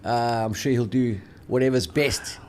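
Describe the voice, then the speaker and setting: A man's voice: medium pitch, moderate pace. A man co-hosting a casual sports chat, teasing and joking and often saying "mate". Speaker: podcast co-host.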